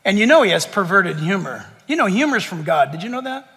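Male pastor, high and lively, bright tone, echoing church hall. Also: a little fast, breathy edge. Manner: preaching with animated, rising emphasis. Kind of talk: sermon.

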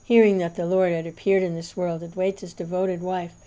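A woman reading a devotional scripture aloud in a measured, reverent narration. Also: lowish voice, level tone, dark tone. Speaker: reader.

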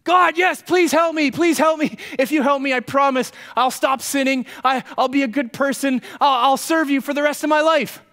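A man's voice: very high-pitched, normal speed, hardly any pauses, big-room sound, voice pushed up, heavily acted. A preacher playing a frantic man hanging off a cliff. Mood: desperate. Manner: desperate yelling, pleading. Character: panicked man dangling from a cliff branch.

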